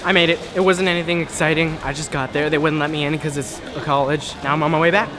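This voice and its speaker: A man's voice: fairly high pitch, steady tone, fast. A young man talking casually to the camera in an upbeat, chatty, self-joking way. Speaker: vlogger. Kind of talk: casual vlog talk to camera. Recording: music playing under the voice.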